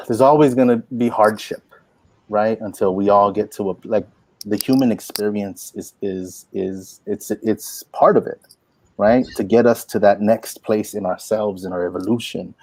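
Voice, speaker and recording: A man in his forties, a poet and workshop teacher, telling stories in an animated, folksy way full of "like" and "you know". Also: fairly low pitch, unhurried. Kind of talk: inspirational storytelling talk.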